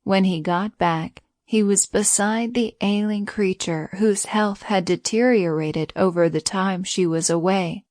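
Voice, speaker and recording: A woman reading a bedtime story aloud in a soothing, even way. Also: mid-range voice, measured pace, hardly any pauses, no room sound, studio quality.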